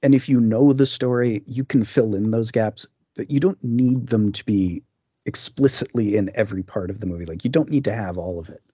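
A man's voice: lowish voice, fairly quick, warm tone, slightly rough, no room sound. Brief: male podcast co-host, explains knowledgeably, dry muffled lo-fi sound. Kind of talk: casual chat.

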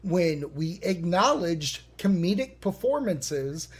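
A man's voice: sits high, very animated, slow, husky. Enthusiastic man co-hosting a podcast. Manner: enthusiastic, swears casually. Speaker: podcast co-host. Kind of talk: casual movie chat.

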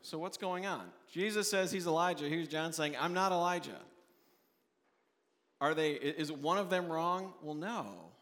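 A man preaches an earnest midweek sermon, talking it through plainly and often restarting his phrases. His voice sits on the higher side, and long reverb from the church hall trails after each line. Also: moderate pace, few pauses, fairly bright tone. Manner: earnest, restarts often, voices quoted questioners in a raised pitch. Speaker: pastor.

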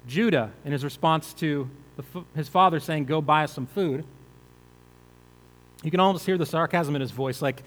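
A man's voice: a little high, lively intonation, normal speed, a bit bright, long reverb tail, rough recording. A male pastor preaching a conversational sermon, asking the listeners rhetorical questions.

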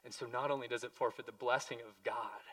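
A man preaching a sermon as pastor, impassioned, moving between hushed pleading and loud emphasis. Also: medium pitch, fairly even intonation, fast, recorded from a distance.

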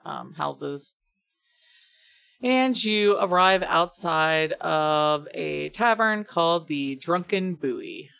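A woman narrating a tabletop game as game master, describing scenes in a relaxed, halting way. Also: low-pitched, clean tone, no echo.

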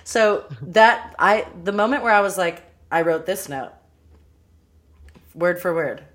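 A young woman chatting casually about a film, animated and quick to laugh. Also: lowish voice. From Los Angeles area, US. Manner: animated, laughs often, quotes people in voices. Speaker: podcast co-host.

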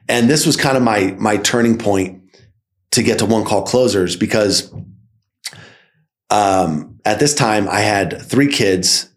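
A man, a podcast guest and sales company founder, telling his story in a casual, energetic way and often checking in with "right?". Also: fairly low pitch, slow.

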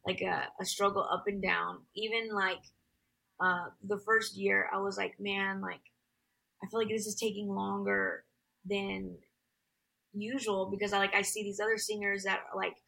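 A woman's voice: medium pitch, little pitch movement, normal speed, gravelly, bright, forceful tone, poor audio. A young adult woman singer telling her story as an interview guest, rambling with many fillers.

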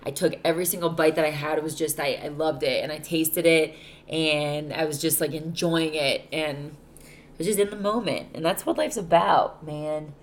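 Young woman, low voice, super tired, rambly podcast chat w/ lots of swearing. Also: steady tone, moderate pace. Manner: candid, rambling, swears freely. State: exhausted. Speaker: podcast host. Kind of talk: casual solo podcast chat.

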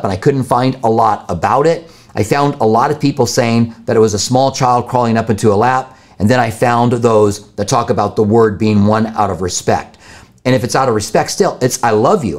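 A man's voice: mid-range voice, fairly quick. A man answering viewer questions about the Bible on a live stream, thinking aloud with fillers and restarts.

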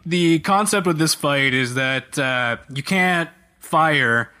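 A man co-hosting a casual gaming podcast, jokey and animated, often slipping into silly voices. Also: on the high side, slow. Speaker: podcast co-host.

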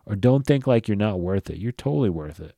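Tired dude hosting his podcast, low mellow voice, swears a lot, chill and blunt. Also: animated, brisk, dry recording, studio quality. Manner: blunt and profane, loose and conversational. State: tired, yawning. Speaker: podcast host. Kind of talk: casual solo podcast talk.

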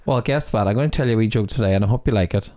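A man's voice: fairly low pitch, rapid-fire, a little mellow. A man co-hosting a comic podcast, teasing and giggling as he chats. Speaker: podcast co-host. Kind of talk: casual comic chat.

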